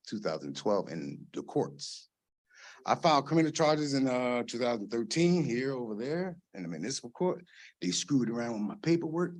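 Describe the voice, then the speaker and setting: Husky, impassioned middle-aged man. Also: medium pitch. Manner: impassioned, rambling, swings from quiet to loud. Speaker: resident speaking at public comment. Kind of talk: public comment at a council meeting. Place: council meeting chamber.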